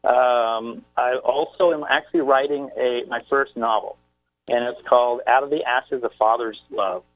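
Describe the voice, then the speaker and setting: A man of middle pitch reads his own heartfelt poem as a radio guest, his voice rising with feeling. He speaks hesitantly when not reading and reaches for words. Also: steady tone, moderate pace, narrow, tinny audio. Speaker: poet guest. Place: Texas, by phone into a radio show.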